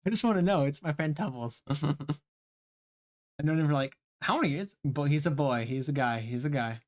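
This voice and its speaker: A man's voice: on the high side, moderate pace. A young man chatting casually on a live stream while playing a game, swearing freely and laughing often. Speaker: livestreamer.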